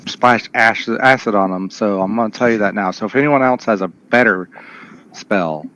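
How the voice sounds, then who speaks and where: A man playing in a tabletop game, talking in a halting, rambling way. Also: on the low side, bright, forceful tone. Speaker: player.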